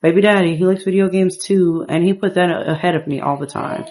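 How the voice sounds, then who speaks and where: Woman putting on a sassy young hairdresser gal, talks quick and breezy, game story. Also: on the low side, a little mellow, lightly acted. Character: young adult female hairdresser, outspoken. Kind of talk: playful character voicing over gameplay.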